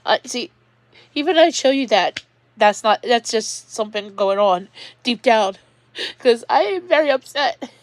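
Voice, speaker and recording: A woman talks at length from home during a personal livestream. Her voice sits a little high and she speaks slowly. She rambles, keeps restarting her sentences and sounds upset throughout, recorded dry and close. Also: animated, dry recording. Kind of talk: emotional personal livestream monologue.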